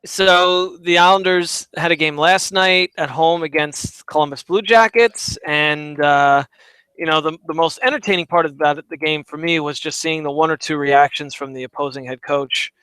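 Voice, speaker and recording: A man with a bright, smooth voice, teasing his co-host in a wry, playful way. He steers the chat with questions. The sound is close and dry. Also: on the high side, fairly even intonation, normal speed, no echo. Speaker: podcast co-host. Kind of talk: casual sports podcast chat.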